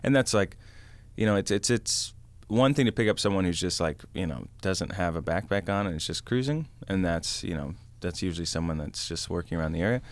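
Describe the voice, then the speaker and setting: Brief: male podcast guest, deep voice, rambling anecdotal storyteller. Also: lively intonation, a little fast, hardly any pauses. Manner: rambling, lots of fillers and acted quotes. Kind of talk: casual storytelling.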